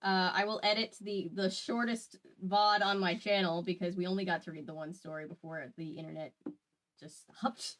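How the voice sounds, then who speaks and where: Young woman, podcast host, chatty, animated, casual. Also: lowish voice, moderate pace. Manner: chatty, animated, talks about her channel. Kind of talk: casual chat.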